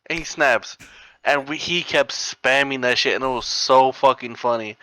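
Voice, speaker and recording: In casual podcast chat, a young male co-host spins rambling tales full of "like," laughing a lot along the way. He talks at a moderate pace in a mid-range voice that sounds pushed and bright, with no echo.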